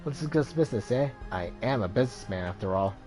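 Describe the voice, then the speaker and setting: A man's voice: on the low side, animated, fast talker, darkish tone, soft background music, close to an everyday voice. A man voicing a smug, suave street dealer. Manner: smooth, cool and evasive.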